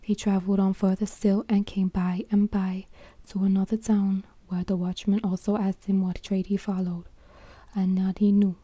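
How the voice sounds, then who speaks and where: A woman whispering a fairy tale close to the microphone as a whispered role-play, pausing to correct herself. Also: mid-range voice, flat delivery, mellow, dry recording. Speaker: ASMR storyteller.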